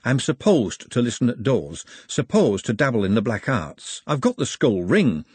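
Brief: haughty tired wizard-scholar, husky and lively, male narrator. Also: medium pitch, normal speed, no echo. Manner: haughty, weary. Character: lofty weary male necromancer academic.

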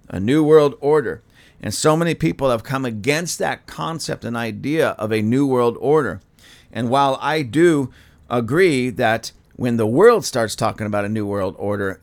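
A man who is a pastor, preaching on his podcast in an emphatic, conversational way, repeating phrases for emphasis. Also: mid-range voice. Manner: conversational asides with fillers.

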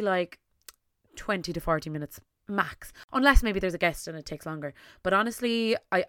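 An Irish woman hosting her own podcast, talking alone in an excitable, gushing way and rushing her words out in bursts. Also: mid-range voice, smooth, dry recording, clean studio sound. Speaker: podcast host. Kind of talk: solo podcast intro monologue.

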